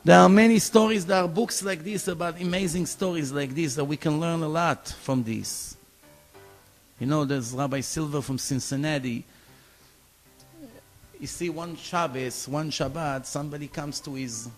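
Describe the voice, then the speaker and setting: High-voiced man telling a sermon story. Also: moderate pace, soft background music. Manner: animated storyteller acting out quoted dialogue. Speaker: rabbi.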